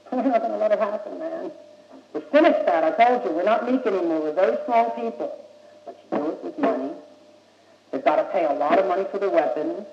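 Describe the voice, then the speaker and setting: A young adult man from the United States delivers an impassioned, blunt, streetwise speech to a young audience, pressing his points insistently in a high voice. It is an old, muffled recording made in an echoey room, with background noise.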